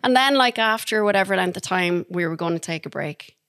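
An Irish woman, a podcast guest, telling stories in a chatty, animated way, laughing now and then. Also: fairly low pitch, a little fast, clean tone, no echo, clean studio sound. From Ireland. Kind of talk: casual storytelling.

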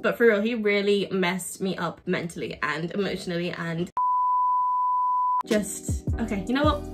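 A woman's voice: mid-range voice, expressive, moderate pace. A young woman telling a candid, crude and self-mocking story-time vlog, with music playing behind. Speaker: vlogger. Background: background music.

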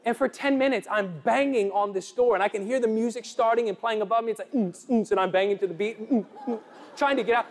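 A young man preaching a sermon, telling a lively story and building to emphatic declarations. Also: high voice, quick pace, hardly any pauses, a faint crowd. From United States.

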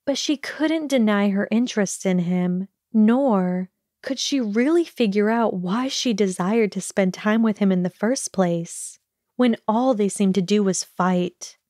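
A woman narrates a fan fiction audiobook at a slow, measured pace, in a mid-range voice. The recording is dry and close, with no echo at all. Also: medium pitch, dark tone.

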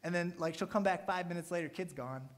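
A man's voice: high voice, fast. A man in his thirties, a pastor, giving a casual, chatty sermon to his church and often checking in with "right?". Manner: casual, chatty preaching with many "right?" tags.

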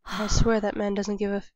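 A woman's voice: medium pitch, darkish tone, no echo, voice pushed down, close to an everyday voice. A woman voicing a tired, complaining middle-aged mother in a horror game.

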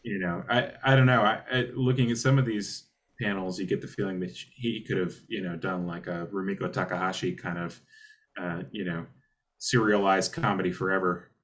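A man co-hosting a comics podcast in casual chat, laughing often and pausing to restart his thoughts. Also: low-pitched, fairly even intonation, fairly bright tone.

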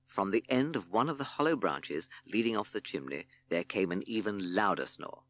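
A man with a lowish voice narrates a children's audiobook at normal speed, telling the story expressively.

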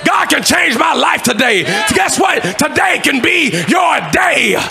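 A man preaching a sermon in a church, shouting and exhorting with fiery, rhythmic delivery. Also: extremely high pitch, lively intonation, measured pace, gravelly, music in the background. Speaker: pastor. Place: church sanctuary. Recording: live church service with congregation noise.

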